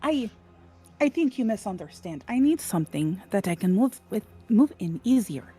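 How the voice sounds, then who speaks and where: A woman's voice: mid-range voice, big pitch swings, normal speed, warm tone, husky, faint music behind. A woman voicing an uncomfortable young woman adventurer who stammers and speaks formally. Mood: flustered.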